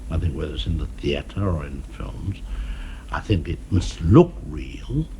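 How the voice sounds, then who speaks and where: A man being interviewed in an archival television conversation, speaking in a measured, dryly witty way, pausing often with "uh". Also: rumbling low, expressive, noisy background. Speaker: film director being interviewed.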